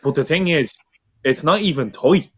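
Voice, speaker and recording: A man's voice: a little high, normal speed, fairly bright tone, husky. Man pressing his point emphatically. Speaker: podcast panelist. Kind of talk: football chat.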